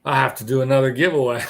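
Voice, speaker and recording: A man's voice: mid-range voice, vocal fry. Tired male stream host, casual rambling chat, mid-range voice, chuckles between thoughts. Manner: rambling, chuckles often, greets viewers. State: tired, yawning.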